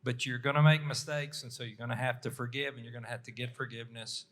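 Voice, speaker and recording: A man's voice: medium pitch, steady tone, fast, fairly bright tone. A man speaking bluntly and emphatically as a guest on a church panel. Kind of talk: casual panel talk.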